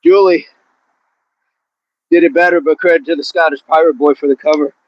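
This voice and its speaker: A man's voice: on the high side, fairly even intonation, fairly quick, no echo, muffled recording. A man hosting a fitness livestream outdoors, chatting with viewers and counting his reps, slightly out of breath. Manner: grunting rep counts between casual chat with viewers. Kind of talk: live workout chat with counting.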